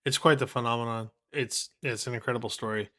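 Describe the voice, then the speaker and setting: A man's voice: medium pitch, fairly even intonation, fast, bright, forceful tone. A man co-hosting a casual podcast chat, laid-back and rambling, filling his lines with "like". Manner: laid-back, says "like" often. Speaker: podcast co-host.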